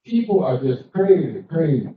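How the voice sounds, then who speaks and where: An older man delivers a loud, profane stand-up set, slipping into the voices of people in his stories. His voice sits high for a man. The live recording is muffled and heard from a distance in a very echoey room. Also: moderate pace. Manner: brash and profane, acting out other people in the story. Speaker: stand-up comedian. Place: cigar lounge, live show.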